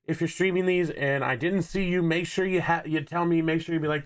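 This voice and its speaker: A man's voice: a little high, fairly quick, few pauses, clean tone. A man casting a live esports tournament in a laid-back, joking way, with a Texan accent. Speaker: esports caster. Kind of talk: live game commentary.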